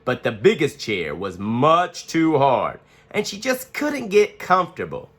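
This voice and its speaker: A man reading a children's picture book aloud in an expressive, playful manner. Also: a little high, unhurried. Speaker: storyteller. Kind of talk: children's story read-aloud.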